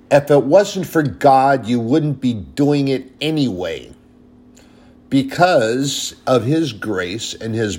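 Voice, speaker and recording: A man's voice: mid-range voice, darkish tone, breathy edge. A man giving an informal sermon in an earnest, plain-spoken way, turning sharply scolding at times.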